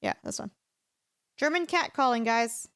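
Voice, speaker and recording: A woman's voice: fairly high pitch, a little slow, fairly bright tone, clean tone, no room sound. Playful woman streamer, dry close sound. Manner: playful, chatty, teasing the chat. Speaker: game streamer. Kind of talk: casual live-stream chat while gaming.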